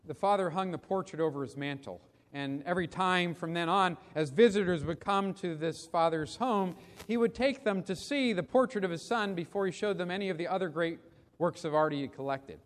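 Solemn high-voiced preacher in a reverberant hall. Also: male voice. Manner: slow, deliberate, solemn. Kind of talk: sermon storytelling. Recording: long reverb of a big hall.

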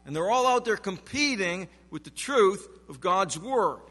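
Pastor, male, high bright tenor, slow deliberate emphatic sermon delivery, long hall reverb. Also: expressive. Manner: emphatic preaching with rhetorical questions. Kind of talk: expository sermon.

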